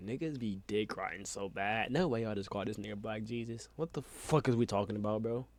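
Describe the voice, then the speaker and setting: A man's voice: lowish voice, a little fast. A young man hosting a reaction video, talking bluntly and with lots of profanity, sounding exasperated. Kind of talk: casual reaction commentary.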